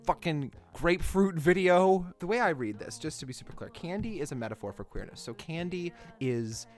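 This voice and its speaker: A young adult film commentator delivering a comedic, profanity-laced rant, self-mocking and animated. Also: mid-range voice, normal speed, faint music behind.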